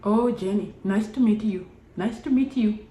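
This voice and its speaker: A woman's voice: medium pitch, moderate pace, mellow, close to an everyday voice. Brief: woman putting on a jittery Indian-accented young woman, repeats herself, roomy echo. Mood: nervous. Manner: broken, repetitive, worried phrasing. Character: nervous young woman friend before a job interview.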